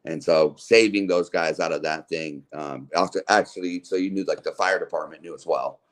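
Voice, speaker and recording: A man's voice: low-pitched, normal speed. A man from Utah, a podcast guest, telling long casual stories in a laid-back, slangy way, full of "like" and swearing. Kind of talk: casual storytelling.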